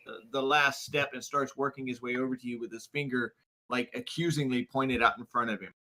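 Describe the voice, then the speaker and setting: A man narrating as game master of a tabletop game, hesitant with many pauses. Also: medium pitch, steady tone, bright, forceful tone, rough recording. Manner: hesitant, full of ums.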